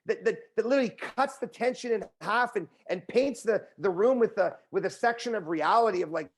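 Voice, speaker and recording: Male motivational speaker as a guest, animated delivery, a little high-pitched. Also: fairly quick, hardly any pauses, husky. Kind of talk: conversational interview.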